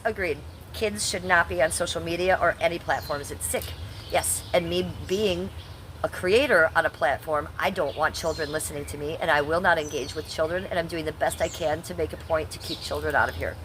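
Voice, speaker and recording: Reading viewer comments aloud on a casual live stream, a woman in her fifties responds bluntly and swears at hecklers in a combative way. She speaks at normal speed in a fairly low, fairly bright voice with fairly even intonation, over slight background noise.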